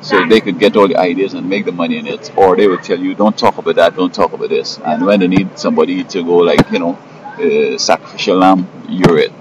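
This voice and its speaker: A man talking at length in a rambling, aggrieved personal monologue, halting and restarting often. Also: sits low, fairly even intonation, noisy background. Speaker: vlogger.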